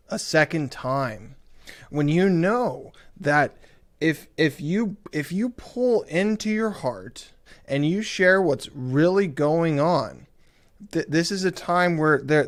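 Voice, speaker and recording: A man hosting a podcast, speaking encouragingly to his guest with stumbling restarts. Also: on the high side. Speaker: podcast host. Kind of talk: encouraging interview remarks.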